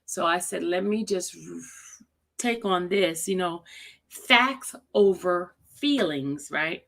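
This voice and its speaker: A woman hosting a casual livestream, greeting viewers by name and reading slowly and deliberately. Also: fairly low pitch, vocal fry, fairly bright tone. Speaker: livestream host.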